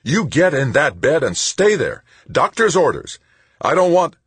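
A man voicing a beefy, angry woman medic who talks gruffly and bossily. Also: mid-range voice, sing-song, moderate pace, no room sound, voice pushed up. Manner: gruff, bossy.

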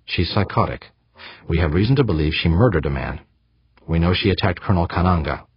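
A cool, unflustered woman official who talks smoothly and patiently, as if to a child. She is read by a man with a low, husky voice in a dry, slightly dull audiobook recording. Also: lively intonation, a little fast, no room sound, heavily acted. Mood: patronizing.

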